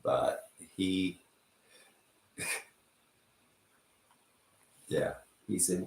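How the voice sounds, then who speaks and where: West texas guy chatting loose and cussing, kinda low voice, echoey room. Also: measured pace, darkish tone. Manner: profane, chuckling storyteller. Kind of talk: casual rambling chat. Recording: roomy echo.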